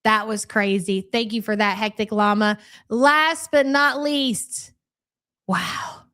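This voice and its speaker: A woman's voice sitting a bit high in pitch, trading in crude, profane mockery. She hosts a live reaction stream and keeps up a loose, chatty patter while reading out her viewers' comments. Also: fairly even intonation, slow, fairly bright tone. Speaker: livestream commentary host.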